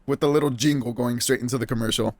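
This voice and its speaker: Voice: medium pitch, steady tone, fast, a little mellow, dry recording. A let's play gamer giving casual, chatty game commentary with a self-mocking manner.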